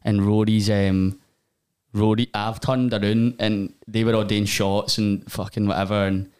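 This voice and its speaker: A man's voice: lowish voice, darkish tone, clear, resonant tone. A young man, a DJ guest, telling rambling tour stories in casual podcast chat with swearing and laughs.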